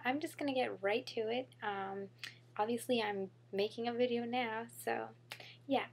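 Bubbly young woman with a gravelly edge. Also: fairly high pitch, moderate pace. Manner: bubbly, chatty, full of fillers and "oh my god". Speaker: beauty vlogger. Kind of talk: casual haul vlog.

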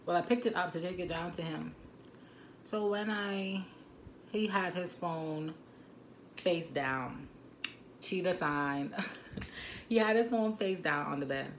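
A young woman with a Turks and Caicos Islands accent tells a story on a phone mic, animated and indignant, with many asides. Her voice is low and gravelly, with fry. A faint hiss sits behind her. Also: slow, pauses often. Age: 20s. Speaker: vlogger. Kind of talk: storytime vlog. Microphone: phone camera mic.

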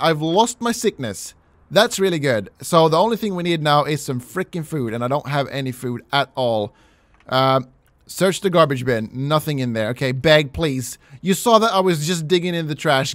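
Lively, high-pitched gamer man, dry mic. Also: normal speed, no room sound. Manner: animated, jokey, mock-pleading begging, casual swearing. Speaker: gaming channel host. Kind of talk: let's play commentary.

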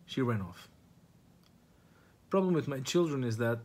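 A man's voice: medium pitch, lively intonation, a little slow, darkish tone. A man who does stand-up, telling a rambling, profane, absurd story straight to camera. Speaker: comedian vlogger. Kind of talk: rambling comic monologue to camera.

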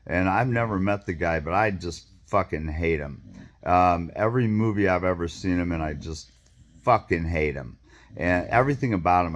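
A man telling a rambling, profane story to camera, full of fillers, restarts and asides. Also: sits low. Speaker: vlogger.

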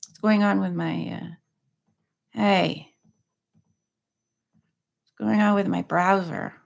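A woman chatting casually between chapters of a read-aloud, rambling through gentle asides. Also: mid-range voice, fairly even intonation, slow, gravelly. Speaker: vlogger reading a book aloud. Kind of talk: casual chat.

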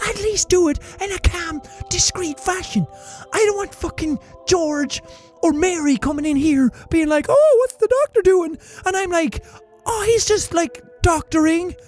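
High, excitable young gaming host. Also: male voice. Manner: excitable, loud, swears, reads game text aloud. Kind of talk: let's play commentary.

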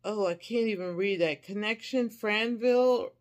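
A middle-aged woman with a medium-pitched voice talks at a moderate pace. Unboxing a haul for her viewers, she chats, gushes and lets out delighted squeals, calling them y'all and honey.

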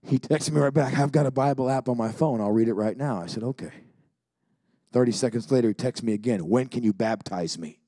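A man preaching a Pentecostal sermon who swings from shouting to quiet storytelling. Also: mid-range voice, fairly quick, no echo. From Alaska. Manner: builds to shouting, then drops to quiet storytelling. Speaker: pastor.

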